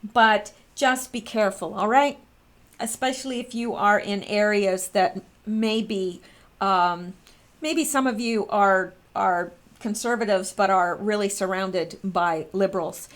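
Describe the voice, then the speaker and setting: A woman's voice: mid-range voice, slow pace. A woman vlogger talking casually and earnestly to her viewers, with frequent fillers and restarts. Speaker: vlogger commenting on politics. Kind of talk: casual spoken commentary to viewers.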